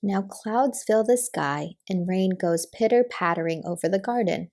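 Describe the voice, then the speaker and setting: A young woman reading a picture book aloud to small children, gently naming the pictures and asking questions. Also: medium pitch, measured pace. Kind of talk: storybook reading to toddlers.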